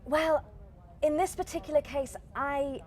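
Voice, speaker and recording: A woman's voice: high voice, measured pace. A young woman with a Northern English accent, a stage actress chatting as a guest in a TV interview, laughing often and restarting her sentences. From England. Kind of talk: casual TV interview.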